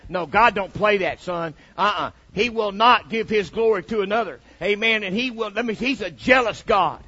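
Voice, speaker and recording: A man preaching a fiery sermon, swinging from shouted lines to low, mocking asides. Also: moderate pace, slightly rough. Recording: dull lo-fi recording.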